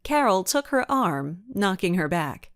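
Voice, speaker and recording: A woman narrating a children's mystery audiobook in an expressive storytelling manner. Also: mid-range voice, a little slow, no echo, clean studio sound. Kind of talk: scripted narration.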